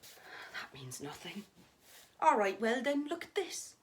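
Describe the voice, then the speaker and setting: A woman voicing a dead husband who speaks calmly and patiently to his frightened wife. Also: a little high, takes it slowly, voice pushed up. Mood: soothing. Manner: soothing, patient. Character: calm ghostly husband, gentle and soothing. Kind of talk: dramatic story reading.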